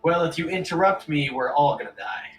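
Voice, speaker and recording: A game master voicing a calm, curt male goblin mage who brushes off questions. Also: medium pitch, fairly quick, reverberant, far from the mic, music in the background, natural voice, low-quality recording. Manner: curt, dismissive.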